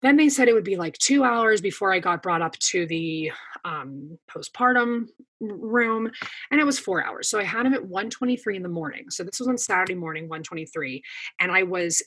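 A woman's voice: medium pitch, lively intonation, fairly quick, fairly bright tone, breathy edge. A woman in her thirties, a podcast guest, telling a long story in casual chat with plenty of fillers. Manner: chatty storytelling with many fillers.

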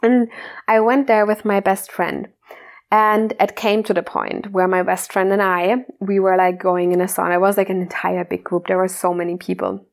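A woman's voice: mid-range voice, little pitch movement, normal speed, gravelly. A woman hosting her podcast and telling a personal story in a candid, chatty way. She laughs often and fills her speech with "like.". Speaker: podcast host.

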